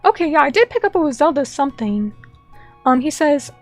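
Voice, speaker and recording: Female streamer with a high voice, home chat, playful and teasing, mock-indignant at times, faint music underneath. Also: big pitch swings, brisk. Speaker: VTuber streamer. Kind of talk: casual chat reading viewer comments.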